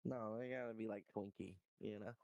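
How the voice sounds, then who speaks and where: A man co-hosting a podcast who talks in a profane, offhand, joking way while high. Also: fairly even intonation, brisk, gravelly, a little mellow. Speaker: podcast co-host. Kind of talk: casual chat.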